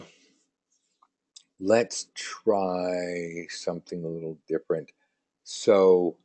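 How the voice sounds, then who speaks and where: A man's voice: sits low, a little slow, long pauses, darkish tone. A man teaching tarot in a casual live online lesson, chatty and joking, reading out viewer comments as he rambles along.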